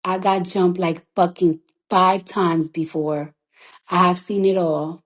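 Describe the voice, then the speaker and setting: Tearful, defiant woman with a low voice. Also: level tone, slow. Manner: emphatic, defiant, heavy swearing, repeats lines for emphasis. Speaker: recording artist. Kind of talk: emotional livestream monologue. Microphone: phone livestream.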